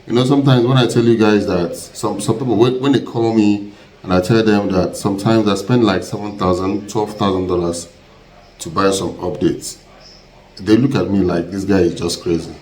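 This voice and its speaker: Man, lowish voice, insistent host pitch, echoey room. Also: fairly even intonation, moderate pace, darkish tone. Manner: insistent, repeats phrases for emphasis. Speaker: channel host. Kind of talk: casual sales pitch to viewers. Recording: roomy echo.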